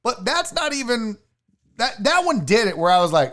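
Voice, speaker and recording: Animated man telling a spooky story. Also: very high-pitched, moderate pace. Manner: animated storyteller who swears casually. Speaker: sports show host. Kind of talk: casual livestream storytelling.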